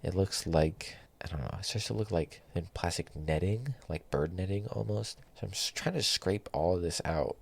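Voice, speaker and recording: A young man hosting his own podcast, telling a rambling, animated story with swearing and self-mocking asides. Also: low-pitched, normal speed, vocal fry, hardly any pauses, slightly rough. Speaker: podcast host. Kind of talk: casual solo podcast storytelling.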